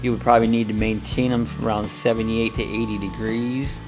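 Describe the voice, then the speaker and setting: A man's voice: lowish voice, little pitch movement, brisk, music in the background. A man hosting a casual live coffee chat, talking in a rambling, folksy way with lots of fillers and restarts.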